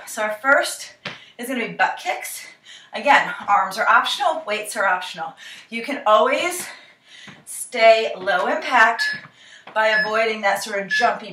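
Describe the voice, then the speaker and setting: Working out alongside her class, a young female fitness instructor coaches a cardio session, slightly breathless, cheering people on and counting down reps. She sounds a little high, pushed, and bright. The distant camera mic in an echoey room adds a faint hiss or hum.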